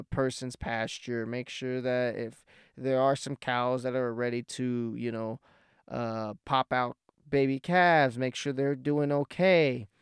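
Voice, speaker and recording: A man telling a rambling personal story in a casual, profane way, full of fillers and restarts, getting loud and worked up as it builds. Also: mid-range voice, smooth, no room sound, studio quality.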